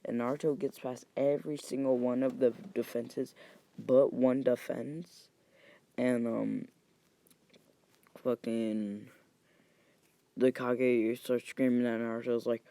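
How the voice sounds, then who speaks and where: Young guy telling a fan story, swears a ton, keeps correcting himself, gravelly mellow voice. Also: medium pitch, level tone, takes it slowly, long pauses, no room sound. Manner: rambling, profane, self-correcting. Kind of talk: casual retelling of a fan story.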